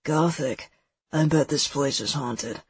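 A woman's voice: low voice, slow pace, slightly rough, no echo, full character voice. A woman reading an audiobook, voicing a laid-back young man who talks in an easygoing, slangy way.

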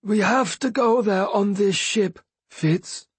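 A man's voice: high-pitched, takes it slowly, slightly rough, no room sound, pitched above the performer's own voice, full character voice. A man voicing a cryptic seer who sounds both patient and exasperated in an audiobook.

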